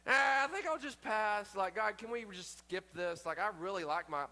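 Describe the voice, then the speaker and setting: A man's voice: high-pitched, normal speed, sharp tone, voice pushed up. A man voicing a reluctant Moses who pleads to be let off, in a pleading, exasperated tone. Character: reluctant grown man Moses, whiny and evasive.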